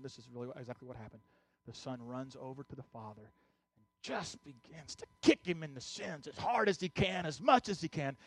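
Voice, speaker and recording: A male pastor preaching a sermon, telling a personal story before urging the congregation with rising intensity. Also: mid-range voice. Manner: storytelling that builds to urgent exhortation.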